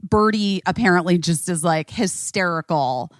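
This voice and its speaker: A middle-aged woman hosting a podcast, telling a story in casual chat, animated and swearing freely. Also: on the low side, moderate pace, no room sound, studio quality. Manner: animated, swearing, acts out quotes. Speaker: podcast host.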